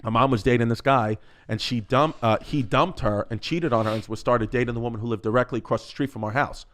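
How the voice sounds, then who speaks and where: A man tells rowdy family stories on a podcast in an animated, swearing way. His voice sits at a middling pitch. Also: fast talker, a little hiss or hum. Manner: animated, swearing, breaks into laughter. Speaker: comedian. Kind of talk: storytelling on a podcast.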